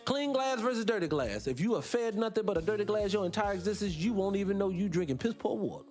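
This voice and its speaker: Animated rambling man hosting a show. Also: high voice, fast, faint music behind. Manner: animated, rambling, swears freely, talks straight to listeners. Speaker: radio show host. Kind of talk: casual monologue to listeners.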